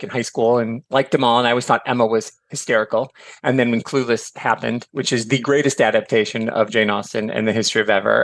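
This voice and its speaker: A middle-aged man from Michigan chatting as a podcast guest, animated and filler-heavy, slipping into voices for quotes. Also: medium pitch, vocal fry, no room sound. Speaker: podcast guest, author and educator. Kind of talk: casual chat.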